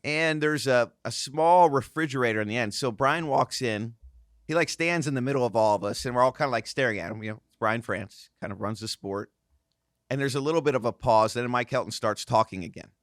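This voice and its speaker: A man in his thirties telling a casual, animated story on a podcast, acting out the voices of the people in it. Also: medium pitch, a little fast, dry recording, studio quality. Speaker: guest host, former racing driver.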